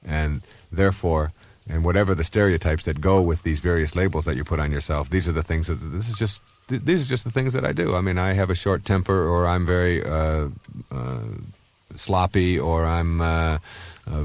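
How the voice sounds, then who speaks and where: A man in his fifties with a low voice that climbs and dips widely as he talks. He gives a recorded self-help talk in an earnest, conversational way, full of stories. The sound is dry and close. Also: a little mellow, no room sound. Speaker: self-help author and speaker.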